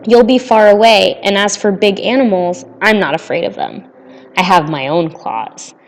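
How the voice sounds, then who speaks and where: A woman's voice: mid-range voice, moderate pace, close to an everyday voice. A proud delicate flower, as a woman reads her. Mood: tender, proud. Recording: long reverb.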